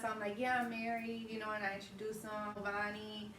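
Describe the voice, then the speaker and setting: A woman in her thirties, a vlog host, telling a personal story in casual, animated chat and often breaking into laughter. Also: medium pitch, quick pace, slight background noise. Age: 30s. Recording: roomy, distant mic, faint ambience.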